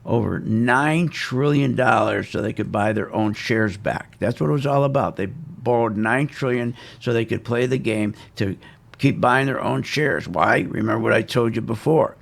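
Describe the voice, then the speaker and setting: A man's voice: mid-range voice, moderate pace, creaky. A man giving casual, emphatic and self-assured stock market commentary, repeating his points.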